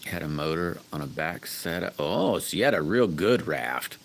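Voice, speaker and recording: Host: man, very low voice, rambling folksy livestream chat, faint room hum behind. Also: lively intonation, normal speed, vocal fry. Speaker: livestream host chatting with viewers.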